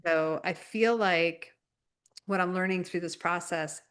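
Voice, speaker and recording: A woman co-hosting a casual spiritual chat podcast, talking reflectively in halting, searching phrases. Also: fairly low pitch, a bit bright, clean tone. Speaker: podcast co-host.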